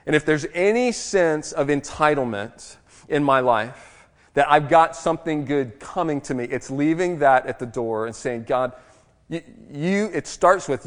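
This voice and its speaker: A man gives a sermon in a lively, conversational way, with the occasional self-deprecating aside. His voice sits a little high for a man, and a long reverb trails every phrase in the church sanctuary. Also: normal speed. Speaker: pastor.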